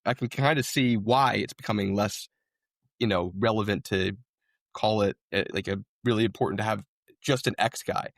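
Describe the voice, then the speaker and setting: A man's voice: lowish voice, steady tone, moderate pace, fairly bright tone, no echo, studio quality. A man co-hosting a podcast, in casual, enthusiastic chat full of "like" and "I mean". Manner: enthusiastic, uses many fillers like "I mean" and "like". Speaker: podcast co-host.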